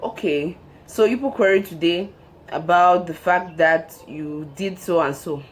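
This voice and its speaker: A woman's voice: on the low side, measured pace. A woman hosting her own show, giving relationship advice in an emphatic monologue and repeating her key phrases.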